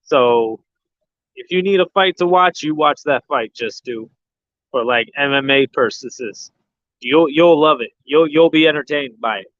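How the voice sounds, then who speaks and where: Male stream host, slightly high voice, loose rambling chat, dull dry recording. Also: measured pace, fairly bright tone, no echo. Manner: rambling, lots of fillers and restarts. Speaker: host of a boxing livestream. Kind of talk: casual chat. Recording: dull lo-fi sound.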